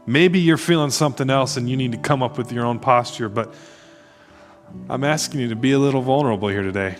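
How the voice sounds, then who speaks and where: A man preaching as a pastor, closing a sermon and leading the church into earnest, hushed prayer. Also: mid-range voice, a little fast, music in the background. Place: church service.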